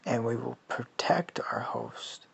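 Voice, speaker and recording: A man voicing a protective, tactical alien symbiote, speaking low and hushed. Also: takes it slowly, gravelly, breathy edge, full character voice. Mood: stern.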